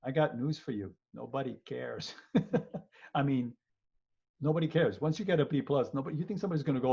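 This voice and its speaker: A man teaching law in an online webinar, animated and joking, often repeating words and acting out people. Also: on the high side, quick pace, creaky, breathy edge. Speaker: law professor. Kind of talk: lively webinar lecture. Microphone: video call. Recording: muffled webinar audio.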